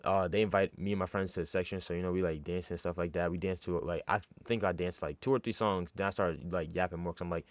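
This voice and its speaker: A man's voice: low-pitched, fairly even intonation, quick pace, hardly any pauses, no room sound. A young man from New York telling a casual, slangy story with lots of fillers and restarts.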